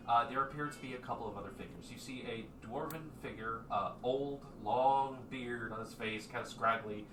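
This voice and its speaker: A man narrating as game master in a casual, filler-heavy way, recorded at a distance in an echoey room with background noise. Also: mid-range voice.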